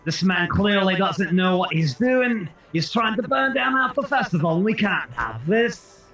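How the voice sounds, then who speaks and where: A blunt dwarf fighter, as a man plays him, scolding with a lively, rising and falling voice. His voice sounds set back from the mic in a roomy space. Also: sits high, unhurried, far from the mic.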